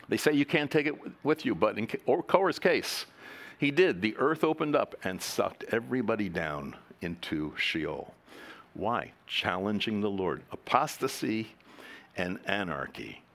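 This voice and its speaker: A man's voice: mid-range voice, a bit bright. A middle-aged man preaching a sermon in a conversational, joking way, acting out the voices of the people in his stories. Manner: conversational, jokey, acts out quoted voices. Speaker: pastor.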